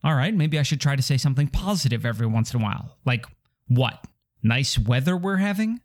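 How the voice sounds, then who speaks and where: A man's voice: medium pitch, expressive, a little fast. A man hosting a comedy podcast, ranting in a grumbling, exasperated and wry way. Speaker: podcast host. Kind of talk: comic rant.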